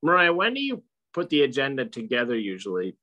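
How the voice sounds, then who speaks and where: A man on a town board, chatty, asking quick questions about the minutes. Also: mid-range voice, huge pitch swings, pushed and bright. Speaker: selectboard member. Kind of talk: casual meeting talk. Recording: muffled meeting recording.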